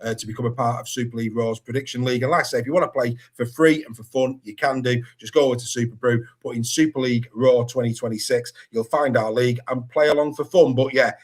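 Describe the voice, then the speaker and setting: A man's voice: mid-range voice, steady tone, quick pace, few pauses. A man hosting a rugby league podcast, chatty and enthusiastic as he reads through a squad list. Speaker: podcast host. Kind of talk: casual sports podcast chat.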